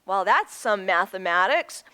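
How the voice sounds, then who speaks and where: Animated woman reading to children. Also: mid-range voice, a little slow, no room sound. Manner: animated, with teaching asides. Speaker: children's story-time reader. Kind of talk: reading a picture book aloud to children.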